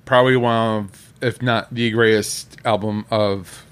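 A man's voice: on the low side, fairly even intonation, unhurried, clear, resonant tone. Enthusiastic man in casual chat. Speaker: podcast co-host.

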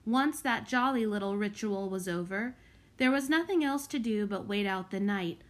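A woman reading a children's novel aloud as an audiobook narrator, in an unhurried, clear storybook manner. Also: mid-range voice. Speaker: audiobook reader. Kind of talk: scripted narration.

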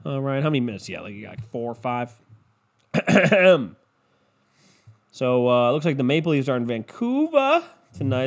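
A man's voice: medium pitch, normal speed. A man hosting a casual solo podcast, ranting with lots of swearing and mocking impressions of other people. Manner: profane, animated, mocking impressions. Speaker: podcast host.

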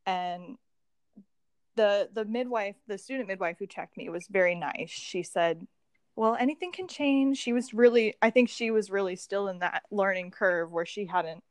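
A woman guest telling a personal story in a casual, expressive way, often laughing and acting out what others said. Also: mid-range voice, moderate pace, smooth, dry recording. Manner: expressive, laughs often, acts out quoted dialogue. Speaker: podcast guest.

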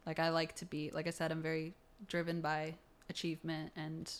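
A woman's voice: low voice, completely flat delivery, a little fast. A young adult woman, a college student, chatting in an interview, upbeat and full of "um" and "like". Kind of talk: casual interview chat.

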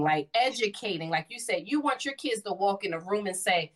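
A woman in her forties co-hosts a casual podcast chat, spinning stories and acting out what people said to her with animated flair. Her medium-pitched voice moves fairly quickly, with few pauses.

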